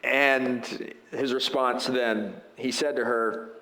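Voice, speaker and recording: A man's voice: medium pitch, fairly even intonation, slow pace, hardly any pauses, pushed and bright, reverberant, rough recording. A male pastor preaching a sermon in a conversational way, full of rhetorical asides and questions to the congregation. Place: church sanctuary.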